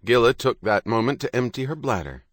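A man reading a novel aloud in steady, even narration. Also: mid-range voice, fairly quick, no echo, studio quality. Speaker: audiobook narrator. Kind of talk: scripted narration.

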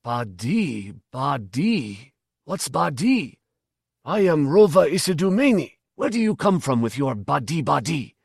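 A man's voice: fairly high pitch, big pitch swings, unhurried, vocal fry, husky, no room sound, clean studio sound, pitched above the performer's own voice, heavily acted. A man voicing a teasing white-haired old village man who speaks in a mock-indignant way.

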